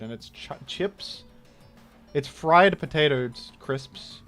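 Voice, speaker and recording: A man's voice: medium pitch, unhurried, faint music behind. A young man, casually joking and rambling through a live game stream. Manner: joking, rambling, exclaims loudly when surprised.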